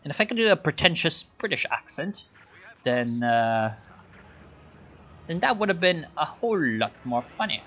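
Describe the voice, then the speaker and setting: A man's voice: a little high, sing-song, normal speed, pauses often, bright, forceful tone, highs cut off, a little hiss or hum. Sarcastic man casting a strategy game. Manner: sarcastic, rambling with fillers. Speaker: game caster. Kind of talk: casual game commentary.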